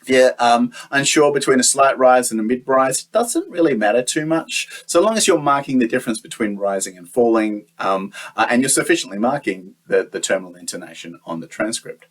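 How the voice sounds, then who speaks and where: A man's voice: medium pitch, expressive, a little fast, few pauses. A man teaching a lesson, explaining step by step with frequent "um" and "uh" fillers. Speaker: lecturer. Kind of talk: teaching lecture.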